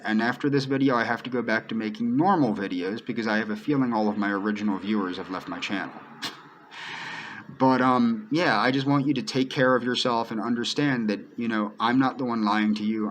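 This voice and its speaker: A man's voice: medium pitch, slight background noise, low-quality recording. A man giving an earnest personal monologue to camera, pleading and repeating himself as he addresses one person directly. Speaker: video creator.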